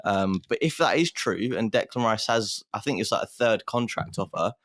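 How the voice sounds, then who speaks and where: A man co-hosting a casual sports podcast, talking in a relaxed way with chuckles. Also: fairly low pitch, normal speed, no echo, studio quality. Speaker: podcast co-host. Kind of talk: casual chat.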